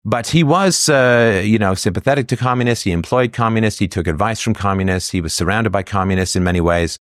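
A man giving a lecturing solo commentary, posing rhetorical questions and pausing on frequent fillers. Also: fairly low pitch, dry recording, studio quality. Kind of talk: solo political monologue.

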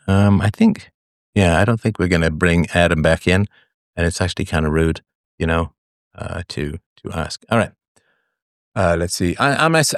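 Male host, live call-in show; blunt, crude, lowish voice, dry. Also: dry recording. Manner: blunt, crude asides, talks with big swings up and down.

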